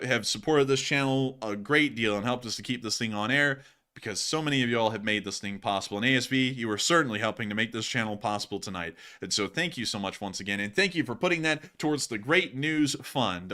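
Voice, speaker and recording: A man hosting a livestream, chatting casually and jokingly as he reads out viewer donations. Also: medium pitch. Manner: animated and jokey, lots of fillers. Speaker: livestream host.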